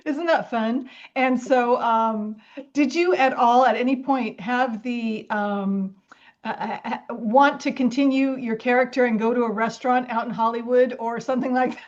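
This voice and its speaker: A woman's voice: on the high side, fairly even intonation, moderate pace. Enthusiastic woman host, muffled audio. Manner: enthusiastic, laughs often. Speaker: podcast host. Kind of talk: casual interview chat.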